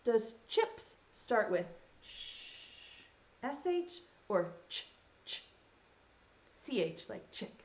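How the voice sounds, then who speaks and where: A woman's voice: mid-range voice, very animated, takes it slowly, highs cut off. A young woman teaching a virtual preschool lesson, talking to small children in a sing-song, encouraging way and stretching out sounds.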